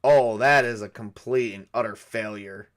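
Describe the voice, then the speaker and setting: A man's voice: lowish voice, moderate pace. A man narrating a solo tabletop game as game master, thinking aloud as he rolls dice. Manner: rambling, thinks aloud while rolling dice.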